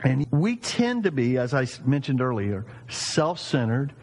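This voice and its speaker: Lively fifty-something man preaching. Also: medium pitch, unhurried, long reverb tail. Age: 50s. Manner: animated, jokey, acts out quoted voices. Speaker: pastor. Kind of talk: sermon.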